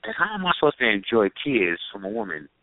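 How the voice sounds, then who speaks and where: A man's voice: lowish voice, huge pitch swings, fairly quick, no echo. A man co-hosting a casual talk show, joking and boasting in crude banter. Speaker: co-host. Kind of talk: casual chat. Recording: dry, tinny phone-like sound.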